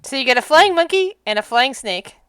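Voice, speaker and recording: A woman narrating as game master in a tabletop game, relaxed and halting, with frequent restarts. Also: sits high, clear, resonant tone, dry recording.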